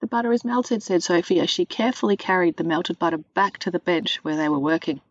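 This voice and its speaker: Woman storyteller, lowish voice, measured reading, dry dull recording. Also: steady tone, no echo. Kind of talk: children's storybook narration.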